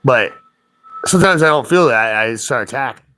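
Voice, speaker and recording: A man in a casual chat, telling a story in a rambling, profane, animated way and acting out what other people said. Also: medium pitch, normal speed, a little hiss or hum. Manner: rambling, profane, animated retelling with quoted voices.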